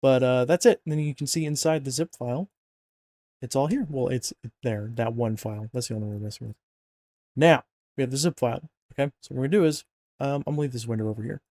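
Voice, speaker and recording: Here a drowsy man, yawning as he goes, casually walks through installing a mod on a screen recording, joking, rambling, and correcting himself amid lots of fillers. He talks fast at a medium pitch, with a dark tone and no echo.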